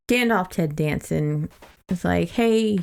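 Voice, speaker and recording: Woman podcast co-host, young adult, low gravelly voice, casual plot recap. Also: expressive, unhurried. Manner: chatty, summarizing a plot with loose quoted asides. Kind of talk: casual book-club chat.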